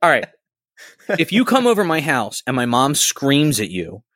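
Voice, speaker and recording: A man who used to co-host the podcast, chatting casually in a rambling, animated way and swearing freely. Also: medium pitch, normal speed, no echo, clean studio sound. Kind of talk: casual chat.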